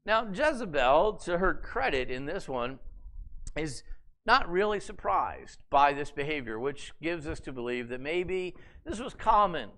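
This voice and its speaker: A man preaching with a high, bright voice. He retells the story conversationally, animated and playful, dropping wry asides between the narrative beats. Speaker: pastor. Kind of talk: sermon.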